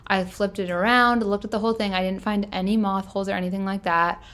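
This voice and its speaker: Young woman, casual vlog voice-over, chatty and upbeat, scattered filler words, mid pitch. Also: steady tone, fast, a bit bright. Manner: chatty, enthusiastic, lots of "like" fillers. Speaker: fashion vlogger. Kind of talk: casual thrift-haul voice-over.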